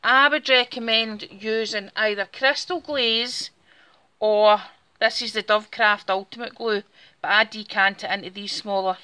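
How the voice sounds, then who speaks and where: Bright-voiced Scottish Borders woman crafting. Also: mid-range voice, steady tone, measured pace, clean tone. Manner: chatty, talks while working with her hands. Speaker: craft tutorial host. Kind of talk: casual step-by-step craft demonstration.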